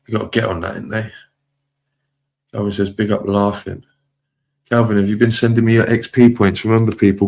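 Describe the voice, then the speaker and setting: Chatting casually on a live stream, a man with a lowish, creaky voice reads out comments from viewers and gives relaxed shout-outs.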